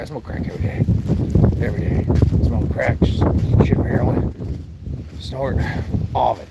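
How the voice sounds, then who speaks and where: A man rambles and cracks jokes into his phone as he walks through a cold outdoor scene. His pitch swings widely and he talks at an unhurried pace, bursting into mock outrage now and then. Loud wind noise roars over the phone mic. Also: huge pitch swings, gravelly. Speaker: vlogger. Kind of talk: joking vlog while walking in snow. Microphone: phone held while walking.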